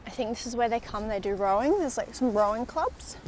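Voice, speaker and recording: A woman's voice: on the high side, expressive, a little fast, a little mellow, a little hiss or hum. A young woman, chatting and rambling on a walking vlog outdoors, recorded on a handheld phone, sometimes dropping to a whisper for asides. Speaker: vlogger. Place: outdoors on a riverside walk in a city.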